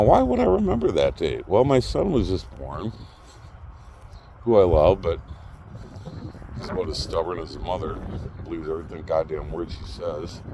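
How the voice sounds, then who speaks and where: Middle aged minnesota guy with a minnesota accent, lowish voice, cussing and rambling, lots of ups and downs. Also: a little hiss or hum. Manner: profane, blunt, rambling, swings between grumbling and laughing. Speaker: vlogger. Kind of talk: rambling monologue.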